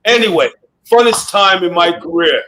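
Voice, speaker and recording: A man's voice: high voice, animated, normal speed, bright, forceful tone, low-quality recording. A man telling stories and roasting a co-host on a podcast in brash, profane, mock-mobster banter. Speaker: guest wrestler. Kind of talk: loud comedic roasting, storytelling. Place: podcast studio.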